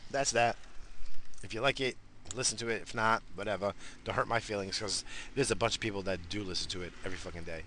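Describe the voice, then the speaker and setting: A man's voice: lowish voice, quick pace, sharp tone, slight background noise. A man hosting a casual solo podcast, rambling and swearing freely as he mocks himself, recorded at home on a podcast mic. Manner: rambling, profane, self-mocking. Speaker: podcast host.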